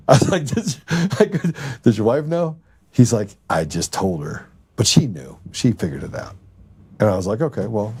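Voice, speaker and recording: A man's voice: on the low side, sing-song, moderate pace, a little mellow, slightly rough. A man hosting a podcast, telling anecdotes in casual chat and laughing often. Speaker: podcast host.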